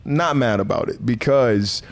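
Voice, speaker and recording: A man's voice: mid-range voice, unhurried. A man in his thirties, a comedian and impressionist, telling stories in a casual, slangy chat and often asking "you know what I'm saying.".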